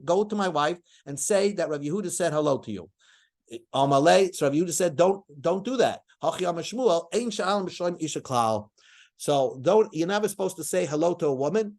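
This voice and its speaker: A man's voice: fairly high pitch, a little mellow. A man giving a Talmud lecture, reading each line of the passage and then explaining it in plain words, often stopping to restart. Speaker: Talmud teacher. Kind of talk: Talmud lecture, translating as he reads.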